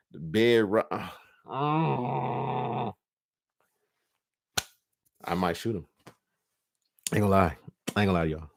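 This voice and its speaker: A man hosting a live stream, talking casually and profanely, animated and laughing often as he acts out scenes. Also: lowish voice, no room sound, clean studio sound. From California.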